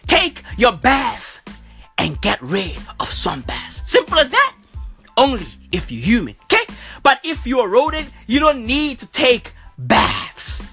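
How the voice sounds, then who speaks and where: Lively husky profane woman ranting. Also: on the high side, a little slow, soft background music. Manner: profane, repeating bruv and okay. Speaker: comedian vlogger. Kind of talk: profane comic rant.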